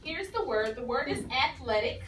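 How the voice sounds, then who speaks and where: A woman's voice: on the high side, expressive, moderate pace. A woman teacher giving a phonics lesson to a class, explaining patiently and encouragingly. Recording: echoey room from far off with noise.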